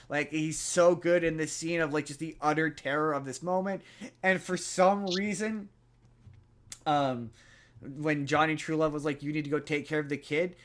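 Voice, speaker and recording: A young man on a casual podcast, slightly higher-pitched than most men. He rambles through a movie plot full of "like" and restarts, getting animated as he goes. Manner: rambling retelling of a movie plot with many fillers. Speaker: podcast co-host. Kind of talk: casual chat.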